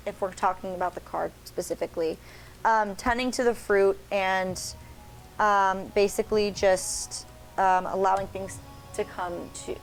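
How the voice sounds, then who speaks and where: A woman co-hosting a casual tarot chat, rambling through card meanings with lots of fillers and pauses. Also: mid-range voice, rough recording. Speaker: co-host learning tarot.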